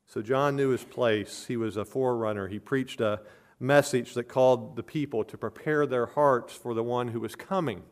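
A man's voice: medium pitch, normal speed. A man preaching an expository sermon as a pastor, earnest and emphatic, hammering home points with repeated phrases.

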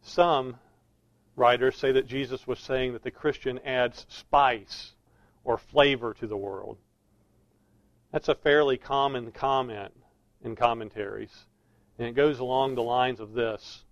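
A man's voice: mid-range voice, fairly even intonation, dry recording. Guy preaching a verse-by-verse sermon, earnest, punches key words, dry slightly muffled audio. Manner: earnest, stresses key words with slow emphasis. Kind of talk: expository sermon.

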